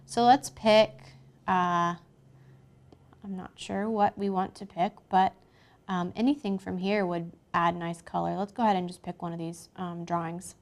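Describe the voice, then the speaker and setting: A woman's voice: fairly low pitch, fairly even intonation, measured pace, vocal fry. A woman hosting a casual drawing-app tutorial, talking through each step as she goes, with frequent ums and small asides. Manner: chatty, talks through each step with fillers. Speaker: craft tutorial host. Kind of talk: casual screen-recorded tutorial.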